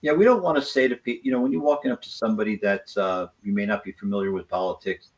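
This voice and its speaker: A man with a lowish voice speaks quickly as a guest on a political talk show, making his case in a passionate, rambling way. He is a conservative activist, and the audio quality is poor.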